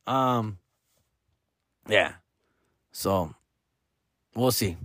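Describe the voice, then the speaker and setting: A man's voice: lowish voice, normal speed, no echo, studio quality. A man in his forties, a stand-up comedian, talking in a loose, rambling way, full of profanity and slang, with a few Spanish phrases mixed in. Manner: loose, rambling, loses his train of thought. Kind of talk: casual rambling monologue.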